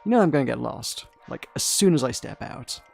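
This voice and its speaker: A man's voice: medium pitch, expressive, brisk, creaky, darkish tone, soft background music. A man reading the lines of an easygoing, cheeky young woman character from a narrative game, in a casual read-aloud manner.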